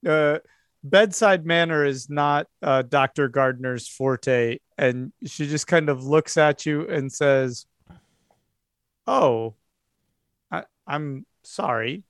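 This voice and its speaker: A man narrating as game master in a tabletop game, unhurried and halting. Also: a little high, clear, resonant tone, no room sound, studio quality.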